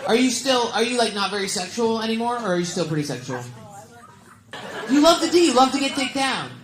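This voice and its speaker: A woman's voice: a little high, expressive, brisk, a little hiss or hum. A woman stand-up comedian doing crowd work, teasing the audience with blunt questions. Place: comedy club stage. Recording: echoey comedy club with loud crowd laughter. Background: audience laughter.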